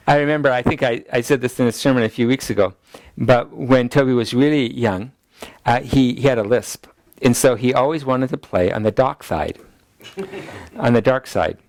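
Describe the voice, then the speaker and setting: A middle-aged man, a pastor, teaching a class in a relaxed, chatty way and laughing at his own family stories. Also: mid-range voice, moderate pace. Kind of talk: teaching lecture with family anecdotes.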